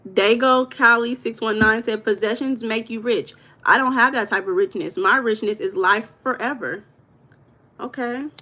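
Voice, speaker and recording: A woman's voice: a little high, normal speed, pushed and bright. A woman hosting a live stream, chatting casually and reading viewers' comments aloud with an affectionate manner. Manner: affectionate, calls viewers baby.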